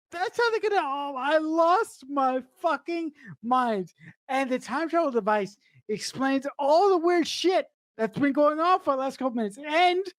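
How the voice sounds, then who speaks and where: A woman co-hosting a podcast in casual chat, excitable and profane, often stumbling over restarts. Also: a little high, dry recording. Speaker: podcast co-host.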